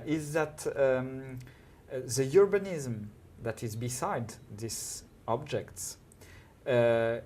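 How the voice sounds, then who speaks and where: A man from France with a French accent, a French native speaker, an urban planner answering an interview question slowly and hesitantly, with many filler sounds. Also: mid-range voice, a little mellow.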